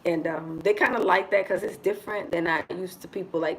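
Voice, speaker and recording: Woman from the united states, livestream vlog chat, expressive and jokey, lowish voice, faint room hum. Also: fairly quick, few pauses, poor audio. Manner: expressive, joking, addresses viewers as y'all. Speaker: vlogger living abroad. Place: indoors in Dar es Salaam.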